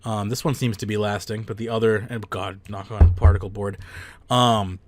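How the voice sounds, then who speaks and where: A man's voice: fairly low pitch, fairly even intonation, normal speed, a little mellow, a little hiss or hum. A man hosting a casual podcast, rambling with fillers and the odd swear. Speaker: podcast host. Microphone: close headset mic.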